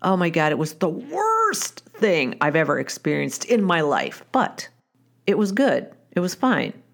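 A woman's voice: on the low side, wildly swooping pitch, unhurried, creaky. A woman, a wife and mother, telling a personal story in a candid, wry, conversational way, often restarting her sentences.

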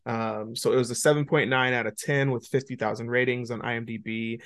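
A man's voice: medium pitch, steady tone, brisk, fairly bright tone. A man co-hosting a podcast in casual chat, rambling along with lots of ums and uhs. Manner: chatty and rambling, with many fillers. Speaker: podcast co-host.

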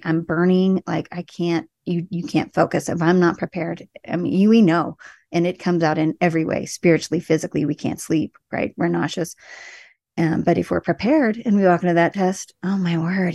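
A woman's voice: fairly low pitch, creaky, no room sound. A middle-aged woman talking earnestly and reassuringly in a casual conversation about supporting clients. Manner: earnest, reassuring, animated storytelling. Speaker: birth support worker, guest.

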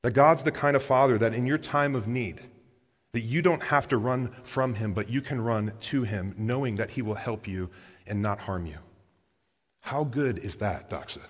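Man, pastor preaching, mid-pitched voice, repeats phrases for emphasis, long hall reverb. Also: normal speed. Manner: repeats phrases for emphasis, speaks directly to the congregation. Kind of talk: sermon. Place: church hall.

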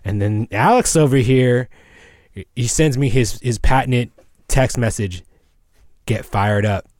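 A man's voice: medium pitch, unhurried, darkish tone, no room sound. A man co-hosting a casual podcast from a studio, rambling in a laid-back way and saying "dude" often. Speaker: podcast co-host. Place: small recording studio. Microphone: studio microphone.

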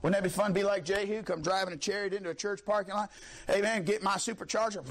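A man preaching a fiery sermon, shouting, mocking and laughing as the congregation answers back. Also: high voice, steady tone, fairly quick, background noise.

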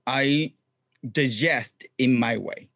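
A middle-aged man, a guest chatting in an interview in upbeat, halting English full of ums. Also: medium pitch, a bit bright, dry recording. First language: Japanese. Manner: upbeat, frequent ums, non-native phrasing. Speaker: guest, clown comedian and actor. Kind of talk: casual interview chat.

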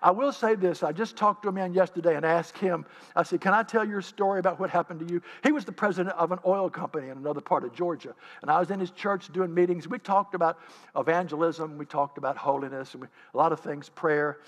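High-voiced man preaching in a reverberant hall. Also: fast. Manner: animated storytelling, acting out scenes. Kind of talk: sermon storytelling.

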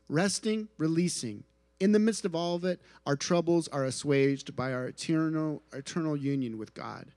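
Male pastor, sermon, slightly high voice, dry close sound, earnest, hushed then emphatic. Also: no room sound. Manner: earnest, shifts between soft hushed passages and rising emphatic ones. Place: outdoor tent gathering.

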